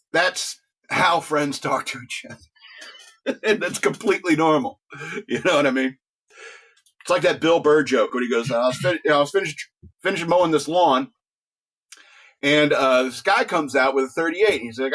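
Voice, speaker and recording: A man's voice: a little high, normal speed, long pauses, a bit bright. A middle-aged man hosting a talk radio show, rambling casually, joking, laughing often and restarting his words.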